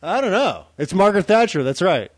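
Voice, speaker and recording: Chatty, fairly high-voiced male podcast host. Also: very animated, a little fast, no room sound. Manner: chatty, laughs easily, many restarts and "uh"s. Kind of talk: casual chat.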